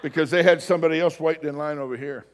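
Pastor guy giving a sermon, chatty and self-deprecating, voice a bit high, echoing round the church. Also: fairly even intonation, racing. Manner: conversational, storytelling, self-deprecating. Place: church sanctuary. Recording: long reverb of a hall.

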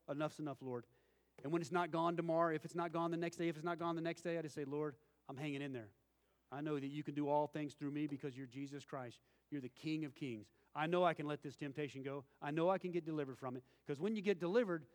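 Folksy preacher in a reverberant hall. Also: male voice, a little high. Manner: folksy storytelling with acted-out quotes. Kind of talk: sermon.

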